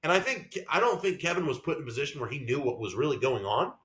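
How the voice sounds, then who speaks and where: A man's voice: fairly high pitch, animated, quick pace, a bit bright, a little hiss or hum. Heated, swearing man in an echoey room. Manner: heated, profane rant. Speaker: podcast co-host and racing driver. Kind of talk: casual podcast chat.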